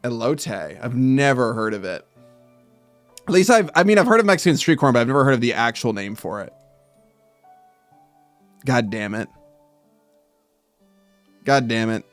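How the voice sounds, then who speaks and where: A man streaming while he draws, reading viewer comments aloud and breaking into loud mock outrage with swearing. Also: mid-range voice, expressive, moderate pace, long pauses, dry recording, faint music behind. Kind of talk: casual live-stream chat while drawing.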